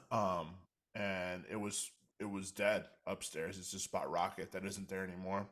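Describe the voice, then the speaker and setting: Laid-back low-voiced man. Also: level tone, measured pace, a bit bright. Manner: laid-back, short agreeing interjections. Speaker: podcast co-host. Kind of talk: casual chat.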